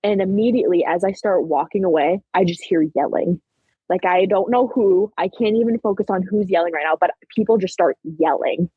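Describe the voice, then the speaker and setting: An 18-year-old woman from Minnesota, a high school track athlete, animatedly retelling a race story in a casual interview, full of "like". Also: fairly quick, slightly rough, no echo, narrow, tinny audio. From Minnesota, USA. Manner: animated retelling, many fillers like "like".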